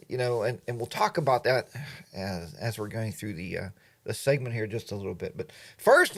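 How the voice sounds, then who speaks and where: A middle-aged man from Pennsylvania, USA, hosts a casual livestream in a medium-pitched, slightly bright voice. He's chatty and playful, greeting viewers by name.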